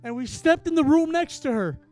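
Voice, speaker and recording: A middle-aged man preaching a sermon, telling a story in a hushed voice and then rising to loud, emphatic declarations. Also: very high voice, animated, a little fast, faint music behind.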